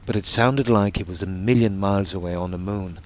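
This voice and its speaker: Male streamer, deep voice, chatty rambling storyteller, faint ambience behind. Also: fairly quick, a little hiss or hum. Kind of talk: casual chat while gaming.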